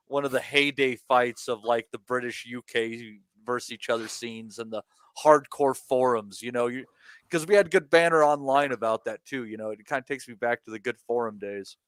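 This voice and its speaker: A man's voice: medium pitch, moderate pace, a bit bright, clean tone, dry recording. A man on a podcast, chatting casually and reminiscing, with lots of "like" and "you know". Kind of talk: casual chat.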